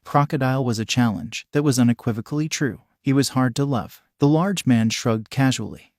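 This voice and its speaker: A man narrating a fanfiction story, reading in an even, steady way. His voice sits at a middling pitch. The recording is dry and close, with no room sound. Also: brisk, few pauses, no room sound.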